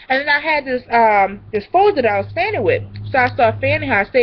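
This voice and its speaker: A woman's voice: sits high, expressive, fast talker, few pauses. Chatty young woman vlogger, lo-fi sound. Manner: chatty, rambling, goes off on tangents. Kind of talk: casual storytelling vlog.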